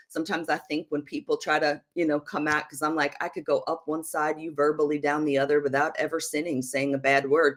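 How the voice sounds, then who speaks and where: A woman's voice: sits low, a little fast, hardly any pauses. A middle-aged woman minister teaching through a personal story, acting out the quotes with frequent laughter. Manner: lively storyteller, acts out quotes, laughs often.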